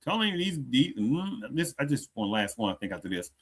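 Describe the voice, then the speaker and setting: A man's voice: medium pitch, big pitch swings, a little fast, slightly rough. A man hosting a rambling reaction commentary, often restarting sentences and asking "do you understand?". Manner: repeats rhetorical questions, restarts sentences often. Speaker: commentary channel host.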